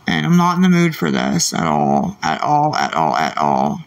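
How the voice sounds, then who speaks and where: A man's voice: deep voice, wildly swooping pitch, normal speed, creaky. A man live-streaming late at night, irritably snapping back at commenters and muttering repeated words. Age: adult parent. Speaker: livestreamer reading chat.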